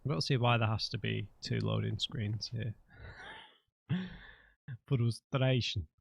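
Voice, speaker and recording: A man's voice: lowish voice, steady tone, slow pace, vocal fry, no room sound. A man hosting a let's play, commenting on the game in a rambling, hesitant, chatty way. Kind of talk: casual gameplay commentary.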